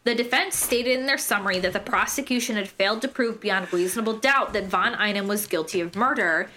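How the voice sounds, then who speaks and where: A woman's voice: mid-range voice, brisk, bright, forceful tone, slight background noise. A woman hosting a podcast. She reads her narration in a casual way and swears freely. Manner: casual and profane, breaks off to laugh. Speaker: podcast host narrating a case. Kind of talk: read narration mixed with casual chat.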